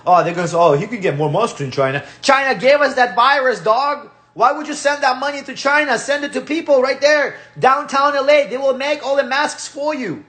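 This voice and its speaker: A man's voice: very high voice, normal speed, few pauses, pushed and bright. A man with a Russian accent, a native Russian speaker, giving a heated, profane rant as host of his own channel. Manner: profane, repetitive, ranting.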